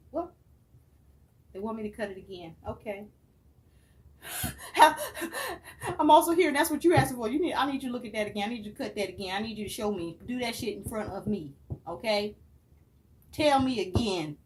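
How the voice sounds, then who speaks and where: A woman giving a tarot reading in a casual, profane and emphatic way, speaking straight to the viewer. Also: fairly high pitch. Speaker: tarot reader.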